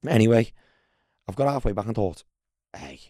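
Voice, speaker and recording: A man with a broad Scouse accent spins an anecdote in an easy, chatty way. His speaking voice sits on the low side, and his pitch jumps up sharply whenever he mimics other people. The recording is dry and close, with no room sound. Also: normal speed, no echo. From Liverpool, England. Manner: animated, mimics voices in anecdotes, says "lad" constantly. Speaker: guest, former footballer. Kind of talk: casual storytelling.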